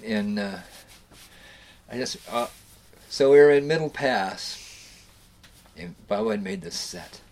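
A middle-aged man with a lowish, slightly mellow voice tells rambling fishing-trip stories in an animated way, speaking slowly and pausing often. He swears freely, keeps restarting his sentences and chuckles as he goes.

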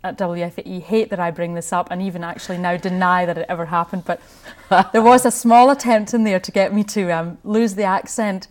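A woman's voice: fairly low pitch, steady tone, a little fast, hardly any pauses. A middle-aged Scottish woman, a radio host, chatting in an interview with frequent laughs and restarts. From Scotland. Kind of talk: conversational interview.

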